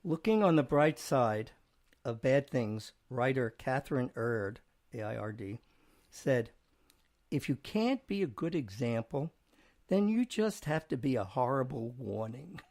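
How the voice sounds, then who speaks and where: A man's voice: medium pitch, very animated, a little slow, darkish tone. A man hosting a casual studio chat show, rambling and chuckling as he reads out jokes. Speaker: show host.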